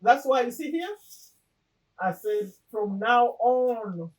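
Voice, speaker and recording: A woman's voice: fairly high pitch, lively intonation, slow pace, far from the mic, rough recording. Earnest woman vlogger, a bit off-mic. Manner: earnest, repeats and restarts phrases. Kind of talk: casual personal talk to camera.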